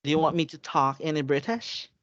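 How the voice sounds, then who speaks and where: A man's voice: a little high, animated, a little fast, fairly bright tone, dry recording, lo-fi sound. A man tutoring English in an online one-on-one lesson, patiently checking that his student understands.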